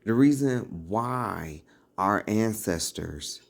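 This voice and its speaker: A man's voice: fairly low pitch, expressive, drawn-out words, vocal fry. A man giving preachy, casual commentary as an online religious commentator, emphatic and full of rhetorical questions.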